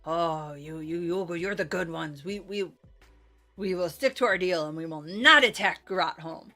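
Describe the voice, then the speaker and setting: A woman's voice: fairly low pitch, measured pace, pushed and bright, soft background music. A woman voicing a band of pleased goblins who stammer as they make a deal, in a tabletop game recap. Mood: relieved.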